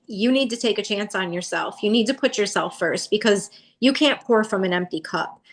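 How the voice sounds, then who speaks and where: A woman in her forties talks through her story as an interview guest, casual and animated. She acts out what people said, and her voice climbs when she does. Her pitch sits in the middle for a woman. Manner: animated, acts out quotes with a rising voice.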